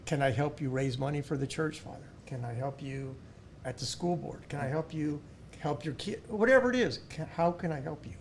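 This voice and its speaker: A middle-aged man with a South Texas accent tells his stories in a relaxed interview. His voice sits a little high and runs gravelly, with restarts and repeated words, and a faint hiss sits under it. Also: brisk. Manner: warm storytelling with many restarts and repeated words. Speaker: podcast guest, school board member. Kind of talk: casual interview storytelling.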